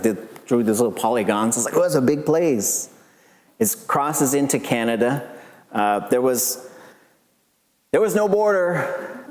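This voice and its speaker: A man giving a casual lecture as a language professor, relaxed and chatty, with joking asides and lively jumps in pitch. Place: lecture hall. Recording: long reverb of a lecture hall.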